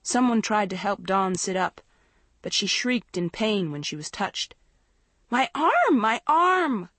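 A woman narrating a storybook in a measured, dramatic way. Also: medium pitch, no room sound. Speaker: audiobook narrator.

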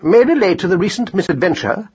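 A man's voice: high voice, very animated, fast, darkish tone, slightly rough, voice pushed up, exaggerated voice. A man voicing a pompous father mouse who speaks ponderously and corrects everyone, on a dull lo-fi recording.

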